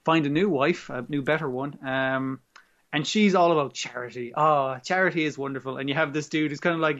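A man's voice: mid-range voice, brisk, fairly bright tone, muffled recording. A man recapping an anime episode in casual chat, swearing freely and acting out characters as he goes.

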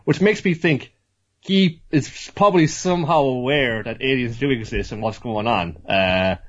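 A man's voice: mid-range voice, moderate pace. A man co-hosting a casual podcast, rambling and joking, with the odd swear. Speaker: podcast co-host. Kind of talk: casual chat. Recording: dull lo-fi sound.

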